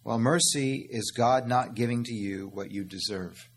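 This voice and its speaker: A man's voice: medium pitch, unhurried, a little hiss or hum. A man preaching a sermon as pastor, earnest and direct, calling his listeners "beloved" and "my friend" and asking questions he answers himself.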